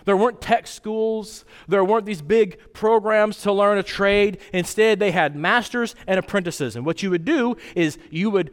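Animated high-voiced preacher in a hall. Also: male voice, moderate pace, hardly any pauses. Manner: animated storytelling, acts out quotes with pitch jumps. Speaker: pastor. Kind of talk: sermon. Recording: long hall reverb.

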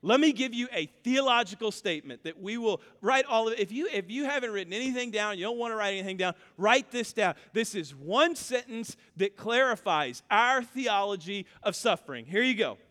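A male pastor preaching with a notably high voice. He tells a story and acts out its quotes with lively energy, and his voice rings through a reverberant hall. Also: a little fast, few pauses. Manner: storytelling, animated with acted-out quotes. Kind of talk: sermon.

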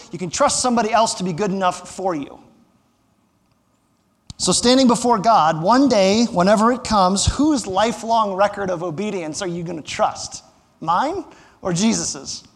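A pastor with a high voice preaching a sermon. He talks to the congregation like a conversation, poses rhetorical questions and slips in small jokes. His voice rings through the long reverb of a large church hall. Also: a little slow, pauses often. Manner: light humor.

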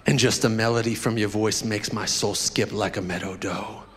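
A man voicing a smooth male R&B crooner, slowly drawing out a syrupy love letter. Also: steady tone, long reverb tail, slight background noise, natural voice. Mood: crooning. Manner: slow, low, drawn-out crooning.

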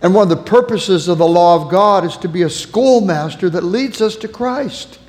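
A man preaching a sermon on parenting, earnest and warm, softening when he tells a family story. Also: sits high, normal speed. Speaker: pastor teaching on parenting. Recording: long hall reverb.

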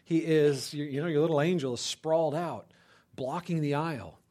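Male pastor, chatty sermon delivery, slightly raised pitch, punchy emphatic bursts. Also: normal speed. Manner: conversational, often checks in with listeners; rises to loud animated bursts for emphasis. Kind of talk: conversational sermon.

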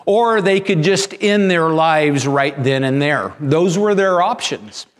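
A man's voice: a little high, expressive, takes it slowly. A man pastor preaching a sermon, telling a story with frequent restarts and repeated words.

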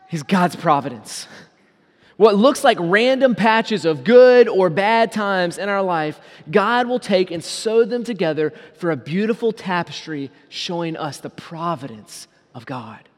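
Preaching man with a higher voice in a reverberant hall. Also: expressive. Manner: preaching with many rhetorical questions, slowing down for emphasis. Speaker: pastor. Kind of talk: sermon.

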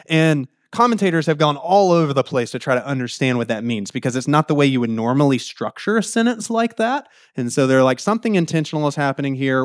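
Animated preacher, dry close sound. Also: male voice, medium pitch, no room sound. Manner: animated, acts out quotes, laughs easily. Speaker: pastor. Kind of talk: sermon.

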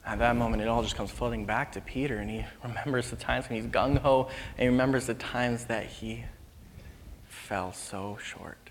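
A male preacher tells a story in a relaxed, chatty way at a middle pitch, now and then sinking to a hush. His voice rings through a large hall with a long trailing reverb. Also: normal speed, slight background noise. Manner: casual and conversational, drops to hushed tones. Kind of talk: storytelling sermon.

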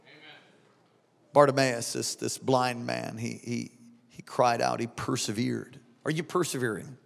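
A man preaching a sermon as pastor, fervent and exhorting, rising to shouts at times. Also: medium pitch, steady tone, measured pace, vocal fry, big-room sound.

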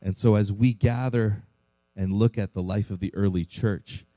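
A man's voice: on the low side, steady tone, normal speed, dark tone, dry recording, poor audio. A man preaching a sermon as pastor of a church, earnest, with rhetorical questions to his congregation.

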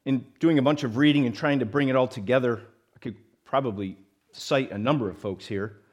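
A man preaching a sermon to a congregation, moving between loud emphatic lines and quiet conversational asides. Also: medium pitch, fairly quick. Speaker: pastor.

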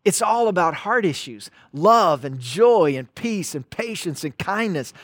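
Pastor guy preaching, high voice, repeats the big words, dry close sound. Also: expressive, measured pace, hardly any pauses, a bit bright, dry recording. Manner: emphatic, repeats key words, calls out to the online viewers. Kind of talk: sermon.

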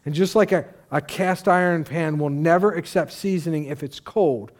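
A middle-aged male pastor delivering a sermon with a slightly raised pitch. He talks conversationally and tells stories with lively asides. He often restarts his sentences. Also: normal speed. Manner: conversational, animated storytelling with asides. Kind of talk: sermon with storytelling.

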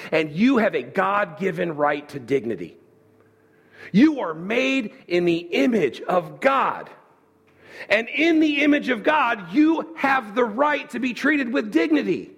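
Male pastor preaching, husky voice, rises high for rhetorical questions, lively. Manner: animated preaching, voicing listener objections. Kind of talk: sermon.

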